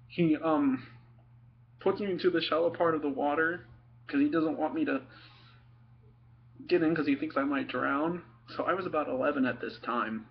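A man's voice: a little high, gravelly, muffled recording. Giggly young man telling family stories. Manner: giggly, laughs through his stories; halting, many ums and restarts. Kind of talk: casual storytelling to camera.

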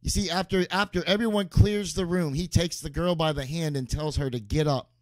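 A man's voice: fairly high pitch, steady tone, fairly quick, no room sound. A man preaching a sermon as pastor, emphatic and repeating key phrases for stress.

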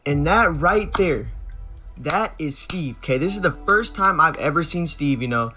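A young prank video maker from the Sacramento area, California, streams live and talks to his chat in slang, sounding nervous and swearing oaths again and again. His voice is a little high with lively intonation and a sharp tone, a little slow, with faint music behind.

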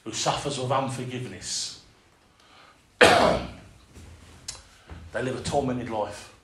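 A man's voice: medium pitch, fairly even intonation, slow pace, fairly bright tone. A man preaching a sermon, earnest and impassioned, in plain everyday speech. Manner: earnest, rising to impassioned, with everyday dialect grammar. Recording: echoey room.

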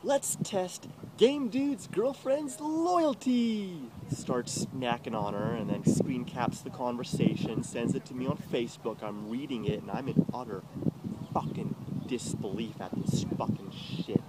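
A man telling a personal story in an animated, heavily profane way, acting out what people said in raised voices. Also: normal speed. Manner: swears constantly, acts out quotes in high voices. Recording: loud background noise.

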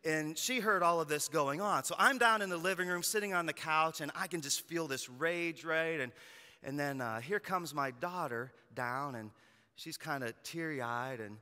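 A male pastor preaching a sermon in a conversational storytelling way, swinging from loud emphasis to quiet, personal moments. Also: a little high, moderate pace, big-room sound. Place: church sanctuary.

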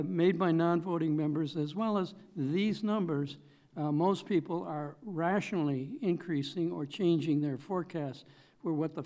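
A man's voice: fairly high pitch, a little mellow. A middle-aged man giving expert economic testimony at a public hearing, talking with many fillers and self-corrections.

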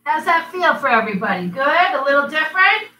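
Her voice high, bright, and sing-song, a kids' yoga instructor walks children through poses and teases them with silly animal noises. She speaks slowly and patiently from across an echoey room, well away from the mic.

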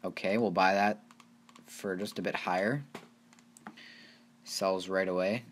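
A man hosting his own gaming channel, giving casual, rambling gameplay commentary and getting excited over small wins. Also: low-pitched, unhurried, slight background noise. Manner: rambling, easily excited, talks to viewers as "you guys".

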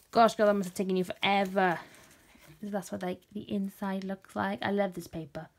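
A woman's voice: mid-range voice, little pitch movement, moderate pace, gravelly. A woman chatting casually as she unboxes craft mail, gasping and gushing with delight. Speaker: craft vlogger.

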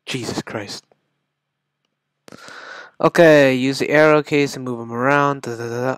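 Male gamer commentator, slow delivery, explosive screaming, foul-mouthed, dry close sound. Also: medium pitch, steady tone, a bit bright, no room sound. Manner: swings from muttering to shrieking outbursts; swears often. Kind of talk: gameplay commentary.

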